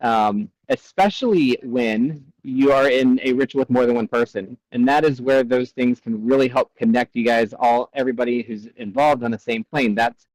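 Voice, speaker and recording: A man's voice: medium pitch, a little mellow. An American man co-hosting a casual podcast, with a voice in an ordinary middle range. He thinks aloud with fillers and jokes easily, recorded close and dry with no room echo. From United States. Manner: reflective, joking, hesitant with fillers. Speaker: podcast co-host. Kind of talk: casual chat.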